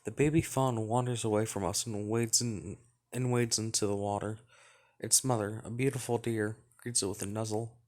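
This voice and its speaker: A man hosting a let's play, reading a visual novel's narration aloud in an even, relaxed way with light asides. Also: on the low side, moderate pace.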